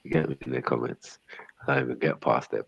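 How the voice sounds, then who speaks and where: Deep, gravelly man, laid-back livestream host, dull lo-fi sound. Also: fast, no room sound. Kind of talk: casual chat.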